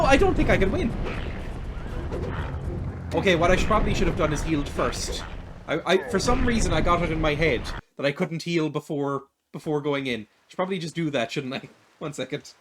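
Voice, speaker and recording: An Irish man giving casual commentary while he streams a video game. His voice sits a little high. He rambles and pokes fun at himself, and faint noise hums underneath. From Ireland. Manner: chatty, rambling, self-deprecating. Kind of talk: casual let's-play commentary.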